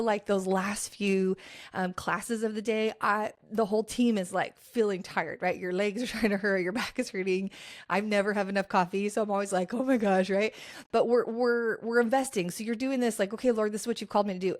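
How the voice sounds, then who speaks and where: A young woman at a mid pitch tells a personal story on her podcast. She talks in a chatty, lively way, full of fillers, and acts out the people she quotes in their own voices. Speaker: podcast host.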